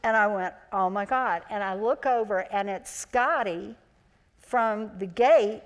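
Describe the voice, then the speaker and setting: A woman in her sixties spins lively stories at a live onstage interview, slipping into the voices of people she quotes. Her pitch sits in the middle, and the large hall around her rings with a long reverb. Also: unhurried. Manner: chatty, animated, acts out quoted voices. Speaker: interview guest, former child actor. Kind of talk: anecdotal storytelling on stage. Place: large auditorium, live event.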